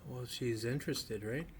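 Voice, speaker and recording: A man hosting an advice podcast, calm and direct, giving blunt advice. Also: medium pitch, slight background noise. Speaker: podcast host, advice giver. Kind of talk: casual advice chat.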